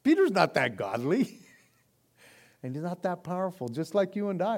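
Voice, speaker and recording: Man preaching a relaxed sermon with a fairly high voice, animated delivery and frequent restarts. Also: moderate pace. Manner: casual, animated preaching with stammered restarts and laughs. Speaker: pastor.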